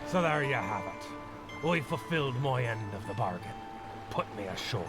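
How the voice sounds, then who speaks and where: A man's voice: medium pitch, animated, moderate pace, music in the background, lightly acted. An actor playing a cunning captured male pirate who poses as a farmer in a game, wheedling and then sly and taunting.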